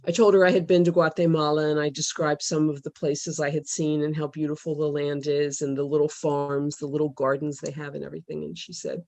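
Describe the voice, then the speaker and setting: A religious sister on a video call, telling her experiences in an earnest, halting way with many pauses. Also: sits low, fairly even intonation, vocal fry, darkish tone. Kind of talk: personal testimony on a video call.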